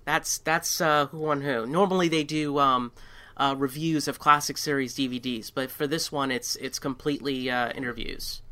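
A man's voice: medium pitch, fairly even intonation, normal speed, sharp tone. A man on a podcast, chatting casually and telling stories with plenty of ums and restarts. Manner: chatty storyteller with many fillers and restarts. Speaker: podcast co-host.

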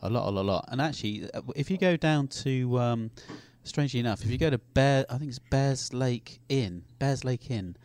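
A man's voice: medium pitch, normal speed, few pauses, a little mellow, a little hiss or hum. A man co-hosting a casual podcast, telling rambling local anecdotes. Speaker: podcast co-host. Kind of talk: casual group chat.

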